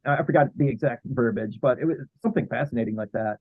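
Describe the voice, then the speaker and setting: A man talking as a guest historian in a casual interview, halting with many fillers and restarts. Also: mid-range voice, no room sound. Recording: tinny phone-like line.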